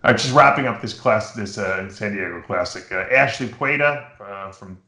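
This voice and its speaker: Chatty low-voiced man in an echoey room. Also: normal speed. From New York. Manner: rambling, animated storytelling with impressions. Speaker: podcast host. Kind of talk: casual chat.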